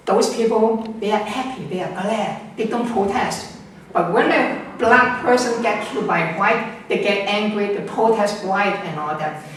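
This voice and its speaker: A man with a fairly high voice lectures emphatically, repeating words and restarting his sentences. He sounds distant from the mic in a strongly echoing room, with faint background noise. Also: a bit bright. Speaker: interviewed scholar. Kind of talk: opinionated interview answers.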